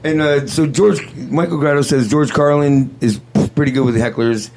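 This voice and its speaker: A man's voice: mid-range voice, fairly even intonation, normal speed, darkish tone. A man hosting a talk show, chatting casually and giving blunt, emphatic opinions. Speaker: show host. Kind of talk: casual chat.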